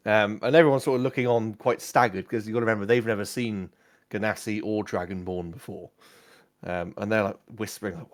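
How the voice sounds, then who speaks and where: A man's voice: fairly low pitch, fairly even intonation, fast talker. A man narrating a tabletop game as game master, casual and full of fillers.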